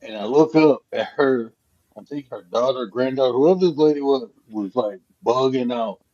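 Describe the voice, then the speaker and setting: A man hosting a casual live chat, telling a profane, animated story. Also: mid-range voice, normal speed. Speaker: host. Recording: dull lo-fi stream audio.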